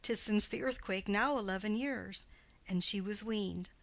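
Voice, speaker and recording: A woman reading the part of a garrulous, doting old nurse in an audiobook play, with her voice climbing high and loud as she rambles. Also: unhurried, no room sound, rough recording. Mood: rambling.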